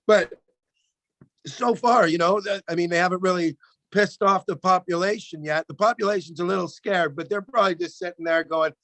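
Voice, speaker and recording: A man's voice: high voice, a little fast, a bit bright, dry recording. A man co-hosting a call-in show, chatting loosely and comically, swearing and laughing as he goes. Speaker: comedian co-host. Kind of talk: casual comedic chat.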